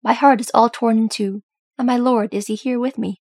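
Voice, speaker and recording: Gruff heartsore dwarf, woman reading, kinda gravelly, dramatic. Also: fairly high pitch, fairly even intonation, moderate pace, darkish tone, dry recording, clean studio sound. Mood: lamenting. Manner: gruff, lamenting. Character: stout-hearted dwarf warrior, emotional and gruff.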